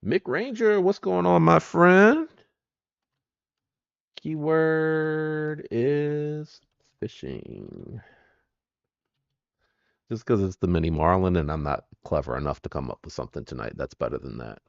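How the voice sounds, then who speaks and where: A low, gravelly man talks through a relaxed, rambling live stream and greets viewers by name. The sound is dry and a little dull, like a lo-fi desk mic. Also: fairly quick, few pauses, no room sound. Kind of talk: casual live-stream chat.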